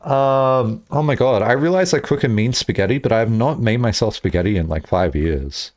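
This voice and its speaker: A young man chats on a live stream in a loose, rambling, self-mocking way. His mid-pitched voice swings widely, from low mumbles to high squeaky bursts when he acts out his own lines. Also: lively intonation, normal speed. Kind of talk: casual stream chat.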